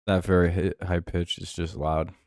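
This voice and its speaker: A man's voice: low voice, flat delivery, moderate pace, a little mellow, dry recording. A man hosting a live stream, giving laid-back, dry play-by-play and chatting with viewers. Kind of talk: casual game-watching commentary.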